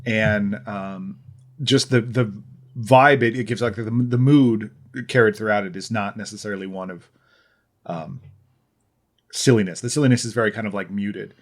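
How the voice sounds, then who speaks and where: This Midwestern podcast co-host speaks at a normal speed, his fairly low voice keeping a fairly even intonation. He chats casually about a film, offering wry opinions as he thinks aloud.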